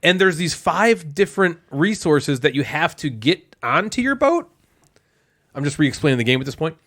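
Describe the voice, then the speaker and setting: Lively, animated male podcast co-host. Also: on the high side, moderate pace. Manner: animated, laughs often, acts out quotes. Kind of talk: casual chat.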